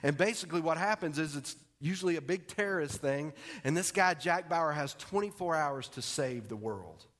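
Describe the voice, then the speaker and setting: A man preaching a sermon, telling a story in an animated way and acting out its scenes. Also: a little high, normal speed. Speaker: pastor. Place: church sanctuary. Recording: long hall reverb.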